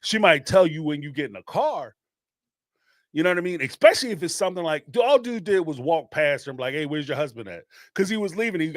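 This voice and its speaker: A man's voice: a little high, fairly bright tone, no echo, clean studio sound. A middle-aged man hosting a live call-in show, talking emphatically in casual slang and repeating phrases for emphasis. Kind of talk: casual spoken commentary.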